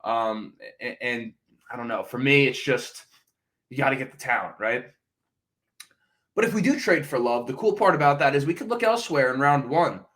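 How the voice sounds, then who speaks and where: A man's voice: medium pitch, lively intonation, moderate pace, fairly bright tone. A man hosting a podcast, giving casual fan commentary and thinking aloud, often hedging with "right?" and "uh". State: sipping coffee, brief cough. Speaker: podcast host.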